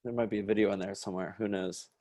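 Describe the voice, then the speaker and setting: Laid-back lower-voiced guy in his late twenties. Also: steady tone, rapid-fire, a little mellow. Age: late 20s. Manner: loose, profane, laughs often, lots of "like" fillers. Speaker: podcast guest, sketch comedian. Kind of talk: casual conversational storytelling.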